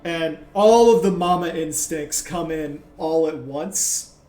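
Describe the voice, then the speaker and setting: Male game master, slow narration, higher voice; echoey room, faint music. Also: a little mellow. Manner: unhurried, with frequent "like" and trailing pauses.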